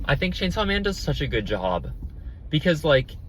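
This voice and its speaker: Road noise hums faintly as a man with a slightly high voice hosts a solo podcast from behind the wheel. Very animated at a moderate pace, he chats casually and with earnest enthusiasm, rambling through many fillers and restarts.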